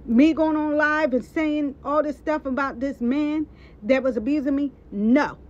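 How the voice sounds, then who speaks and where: Woman, high voice, heated emphatic rant, repeats herself, dull lo-fi sound. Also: unhurried. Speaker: social media personality. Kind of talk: impassioned live-stream rant.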